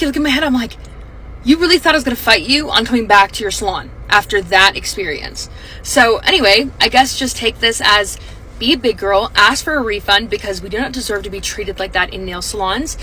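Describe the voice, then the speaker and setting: A woman's voice: medium pitch, a bit bright, a little hiss or hum. Brief: young woman, casual storytime vlogger, rambling and emotional, mid-range voice. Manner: rambling, filler-heavy, emotional retelling.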